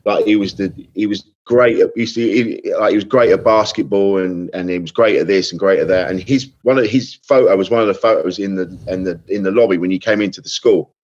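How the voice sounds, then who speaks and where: A man's voice: low-pitched, fairly quick, few pauses, a little mellow, muffled recording. A man in his fifties, a comedian guest telling rambling anecdotes in casual podcast chat, often restarting and swearing.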